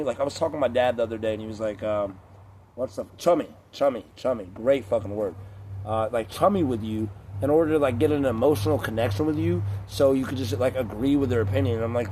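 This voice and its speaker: A man's voice: mid-range voice, brisk, mellow, a little hiss or hum. Rambling, profane man ranting casually. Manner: rambling, profane, heavy on filler words. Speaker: vlogger. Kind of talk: casual rant to camera.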